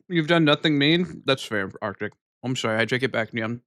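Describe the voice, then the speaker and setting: A man's voice: mid-range voice, fairly bright tone, dry recording. Male streamer, chatty and profane, dry booth-like audio. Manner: loose, swearing, ends lines with a cat-like "nyan" tic; talks while eating, mumbled and unhurried. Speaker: live streamer. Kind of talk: casual chat with viewers.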